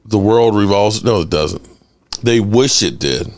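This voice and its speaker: A man hosting a casual sports fan livestream. He reads chat aloud and rants with animated energy. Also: lowish voice, unhurried. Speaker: host of a sports fan channel.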